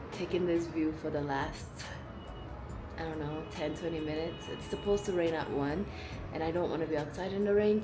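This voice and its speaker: A young woman talking casually to her camera about her trip, emotional, grateful and a bit rambling, recorded on the camera's own mic on a balcony outdoors. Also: low-pitched. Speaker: travel vlogger. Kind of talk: casual vlog talk to camera. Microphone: built-in camera mic, no microphone. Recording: loud background noise from an outdoor balcony.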